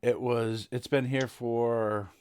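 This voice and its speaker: A man narrating as game master of a tabletop game, halting with many fillers. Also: mid-range voice, fairly even intonation, a little mellow, smooth.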